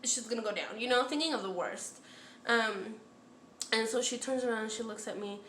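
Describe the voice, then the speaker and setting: A woman's voice: on the high side, normal speed, sharp tone, roomy sound, a little hiss or hum. A woman in a casual storytime vlog, chatty and profane, full of "like" and acted-out quotes. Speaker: storytime vlogger.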